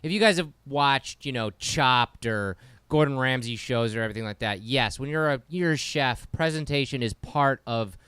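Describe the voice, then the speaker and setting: A man's voice: mid-range voice, normal speed, a bit bright, clean tone, dry recording. A man co-hosting a casual podcast, ranting in an exasperated, swearing way. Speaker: podcast co-host. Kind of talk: casual comedic rant.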